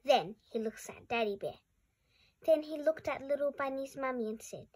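A woman reading a children's picture book aloud in a clear, deliberate way. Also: on the high side, a little mellow. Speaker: storybook reader.

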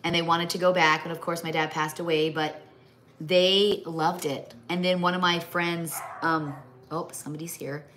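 On a home livestream from a kitchen or craft table, a middle-aged woman from the American Midwest chats while crafting, rambling, trailing into asides and speaking to her pets mid-sentence. Her low, fairly bright voice has little pitch movement and a moderate pace. A faint room hum sits beneath her speech.

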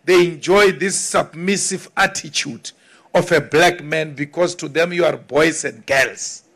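South african guy giving a political speech, high voice, slow and drawn out, hammers the same line over and over. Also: fairly bright tone. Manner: emphatic, repetitive, deliberate.

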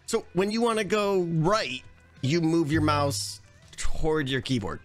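A man with a slightly high, lively voice teases a fellow player in a casual chat. His delivery is joking and animated, with faint music in the background. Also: a little slow. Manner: teasing and joking. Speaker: Minecraft player.

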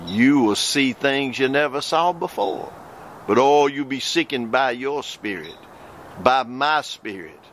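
Preacher-man doing a solemn, slow Spirit of the Lord; prophetic, drawn out. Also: mid-range voice, fairly bright tone, slight background noise, pitched above the performer's own voice, full character voice. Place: outdoors near woods.

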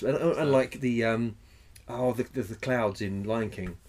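A man's voice: mid-range voice, moderate pace, a little mellow. A man co-hosting a podcast in casual chat, rambling, swearing freely and searching for names mid-sentence. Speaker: podcast co-host.

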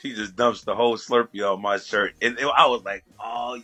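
A man's voice: fairly low pitch, a little fast, bright, forceful tone, husky, soft background music. A man from the USA telling a story as a guest, casual and profane, often laughing between lines.

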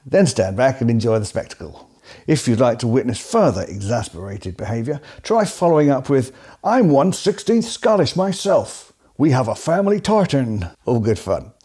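A man's voice: medium pitch, warm tone, slightly rough. Dry, sardonic English man narrating comedy. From England. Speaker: host.

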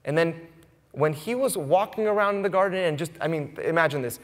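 A man's voice: on the high side, brisk, long reverb tail. A man in his thirties preaching a conversational sermon, often turning to the congregation with "right?". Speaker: pastor. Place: church sanctuary.

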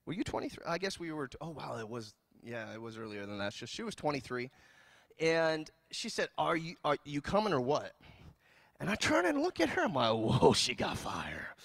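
A man from California preaching a sermon as pastor, telling jokes and stories in an animated way. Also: on the high side, fairly quick, gravelly, no echo, clean studio sound. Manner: animated, joking storyteller. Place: church.

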